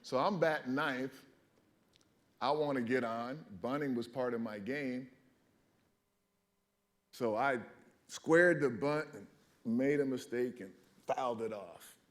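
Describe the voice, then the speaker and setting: Man telling a lively baseball story. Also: mid-range voice. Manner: animated storyteller, laughs often, acts out his own reactions. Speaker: former baseball player telling stories. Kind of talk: storytelling talk at a library event. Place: public library event hall.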